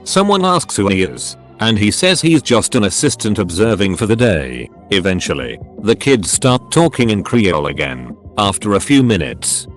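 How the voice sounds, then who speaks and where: A man reading short funny stories aloud as a scripted narration, with a lively storytelling delivery. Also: lowish voice.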